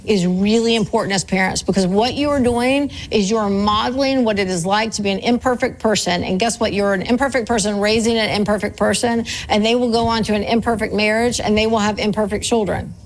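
A woman's voice: medium pitch, a little fast, few pauses, slight background noise, poor audio. A woman in her forties preaching a sermon on parenting in an earnest, conversational way, repeating her key points. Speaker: church speaker.

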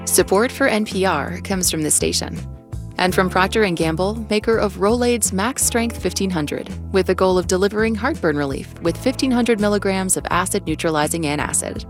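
Female announcer, crisp brisk sponsor reads, mid pitch, clear music under. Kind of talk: scripted sponsor credits.

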